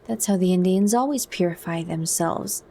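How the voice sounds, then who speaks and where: A woman voicing a defiant, intense young male outsider in a soft, earnest whispered role-play. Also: high voice, moderate pace. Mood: grim.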